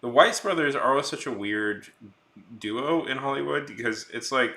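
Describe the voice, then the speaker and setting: A young man chats loosely with his live stream audience, rambling from one joke to the next and often restarting his sentences. His voice is strikingly bright and sharp, with a very animated, swooping pitch. The room adds a clear echo around him. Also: moderate pace. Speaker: art streamer. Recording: roomy echo.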